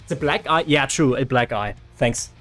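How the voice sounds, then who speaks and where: A man's voice: mid-range voice, moderate pace, fairly bright tone, soft background music. A man with a German accent, a native German speaker, chatting casually with his viewers while streaming a game, answering them aloud with frequent restarts. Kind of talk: casual live-stream chat.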